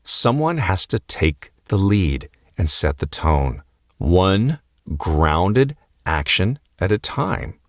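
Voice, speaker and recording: A man coaching husbands on marriage, speaking calmly and earnestly and repeating key phrases for emphasis. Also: low voice, slow, dry recording, clean studio sound. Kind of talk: motivational advice talk to husbands.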